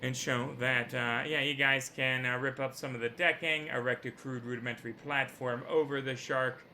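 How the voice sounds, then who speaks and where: Speaking at medium pitch and normal speed, this game master cracks jokes while walking players through the rules of a tabletop game. His manner is lively, playful and focused on the rules, and the live stream carries a faint background hum of noise.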